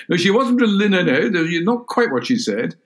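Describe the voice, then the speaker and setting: An older man with a Scottish accent recalls events in a sit-down interview, speaking in a measured, halting way with many fillers and restarts. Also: high voice, big pitch swings. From Scotland. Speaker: interviewee, former cabinet minister. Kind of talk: reflective recollection in a sit-down interview.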